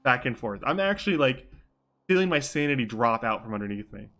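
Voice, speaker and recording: A man's voice: medium pitch, expressive, fairly quick, fairly bright tone. Self-mocking young man streaming. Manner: self-mocking, swears casually. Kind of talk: live role-play stream with commentary.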